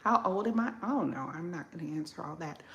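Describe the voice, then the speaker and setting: A woman from southern Illinois hosting a casual live stream from her home kitchen, unhurried and chatty as she answers viewers with plenty of fillers. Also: lowish voice, lively intonation, echoey room, lo-fi sound. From southern Illinois, Midwest.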